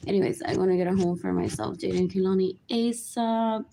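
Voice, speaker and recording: A woman's voice: mid-range voice, fairly even intonation, a little fast, vocal fry, dark tone, a little hiss or hum. A woman talking to viewers in a rambling livestream monologue, repeating herself as she goes.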